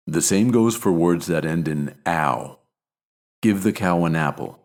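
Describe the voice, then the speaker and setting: American male pronunciation teacher, very low voice, clear measured delivery, repeats examples slowly. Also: animated, a little mellow. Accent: American English. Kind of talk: scripted pronunciation lesson.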